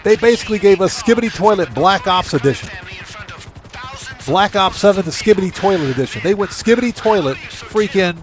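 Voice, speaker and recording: A man's voice: high voice, lively intonation, a little fast, soft background music. A man hosting a live gaming stream, chatting casually, greeting viewers by name, and breaking into emphatic rants. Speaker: livestream gaming host.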